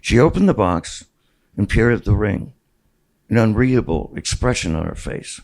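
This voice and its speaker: At a bookstore event, a man in his sixties reads from his memoir in a wry, storytelling way, restarting in small bits now and then. He speaks at a moderate pace in a fairly low, slightly mellow voice with big swings in pitch, captured on a rough recording.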